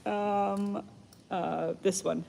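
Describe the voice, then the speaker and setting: Slow-reading woman in an echoey hall. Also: medium pitch, creaky, slight background noise. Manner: deadpan reading broken by laughter and asides. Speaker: panel host reading fan fiction aloud. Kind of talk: live comedic dramatic reading. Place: convention panel room before a live audience.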